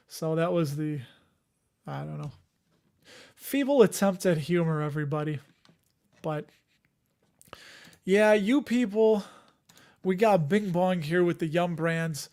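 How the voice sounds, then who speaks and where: A man's voice: a little high, slow, pauses often, darkish tone. A man in his forties hosting a livestream, chatting casually with viewers, often chuckling and trailing off mid-thought. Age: 40s. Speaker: livestream host reading viewer comments. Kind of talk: casual rambling livestream chat.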